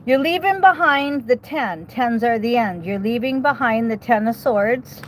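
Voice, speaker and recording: A woman's voice: on the high side, a little slow, slight background noise, low-quality recording. A woman giving a casual tarot reading outdoors, chatty and reassuring, often checking in with the listener. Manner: chatty, reassuring, many okays and rhetorical questions. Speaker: tarot reader.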